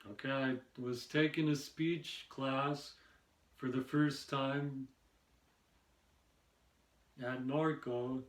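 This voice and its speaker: A man rambles through an amateur stand-up set, slow and unhurried, with long pauses and lots of fillers between phrases. His voice sits at an ordinary pitch and is recorded in a noticeably echoey room. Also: little pitch movement. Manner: halting, meandering, with many pauses and fillers. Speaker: amateur stand-up comedian and podcast host.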